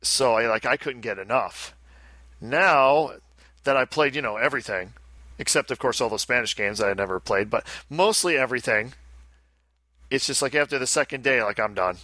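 Bright-voiced rambling male podcast host. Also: medium pitch, moderate pace, no echo. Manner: rambling, self-interrupting, chatty. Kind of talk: casual chat.

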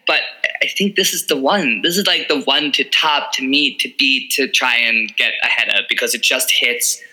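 A man's voice: medium pitch, moderate pace, bright, forceful tone, low-quality recording. A man with a Long Island accent co-hosting a podcast, gushing in casual chat and swearing freely. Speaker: podcast co-host.

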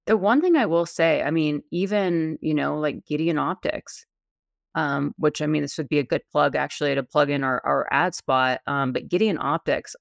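Female co-host, chatty and gravelly, dry close mic. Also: deep voice, no echo. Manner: chatty, laughs easily, many fillers. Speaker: podcast co-host. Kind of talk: casual panel chat.

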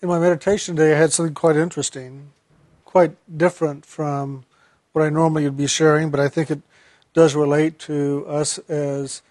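A man's voice: on the high side, a little mellow, no room sound. A man, a spiritual teacher, animatedly telling a story from his meditation and sometimes laughing. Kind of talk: storytelling talk about meditation.

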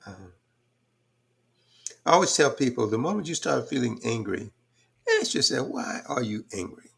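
A man's voice: mid-range voice, very animated, moderate pace, vocal fry, slightly rough. An older man speaking as a podcast guest in a reflective, thoughtful way, with frequent fillers. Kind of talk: reflective conversational talk.

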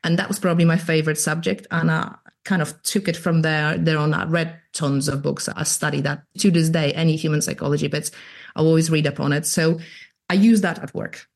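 A Polish photographer in her thirties, with a light Polish accent, chats as a guest in a casual interview. Her low-pitched, gravelly voice moves briskly, and she comes across as lively and straight-talking.

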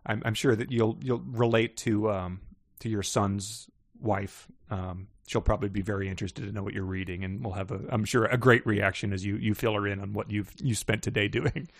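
Recording from his parents' house in North Carolina, a man co-hosts a comedy podcast in a lowish, fairly even voice at normal speed. The talk is casual and comedic as he rambles, jokes and laughs often.

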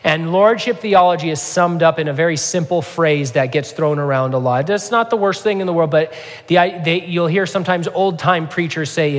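Pastor, male, slightly high voice, earnest conversational preaching, church hall echo. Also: moderate pace. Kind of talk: sermon.

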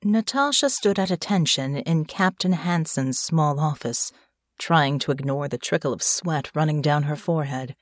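A woman narrating an audiobook in a measured, expressive way. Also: deep voice, dry recording, studio quality. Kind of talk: scripted narration.

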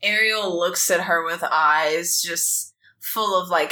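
A woman's voice: lowish voice, steady tone, takes it slowly, bright, forceful tone. A woman player in a tabletop game, earnestly describing her character.

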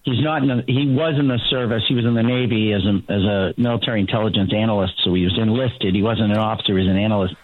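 A man joining a talk radio show as a guest reporter, speaking earnestly in halting, restarting sentences. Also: fairly low pitch. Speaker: reporter and political analyst guest. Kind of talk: casual talk radio chat. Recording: tinny dry phone-like line.

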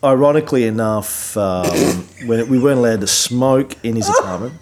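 A middle-aged man hosting a podcast, chatting casually late at night in a hotel room, a little hoarse and rambling with many fillers and restarts. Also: mid-range voice, moderate pace, darkish tone. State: losing his voice. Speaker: podcast host.

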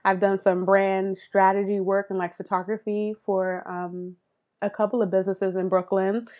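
Female interview guest, chatty maker, lots of fillers, mid-range pitch. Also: level tone, moderate pace, narrow, tinny audio. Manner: chatty, laughs often, filler-heavy. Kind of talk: casual interview chat.

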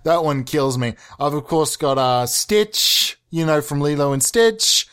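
A man's voice: fairly high pitch, expressive, measured pace, fairly bright tone, clean tone. Flustered rambling comedian man. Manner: rambling, flustered, breaks into laughter. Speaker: comedy podcast host. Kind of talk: improvised comedy bit about character voices.

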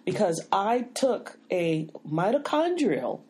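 With big pitch swings in a medium-pitched, slightly mellow voice, a woman talks at a slow pace while hosting a casual podcast chat. She won't give up the floor, insisting with "wait a minute" that she finish her point.

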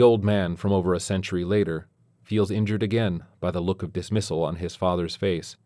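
A man narrates a story in a deep, low voice. The sound is close and dry with no room around it. He keeps a steady storyteller's pace. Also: a little fast, dry recording. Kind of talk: scripted narration.

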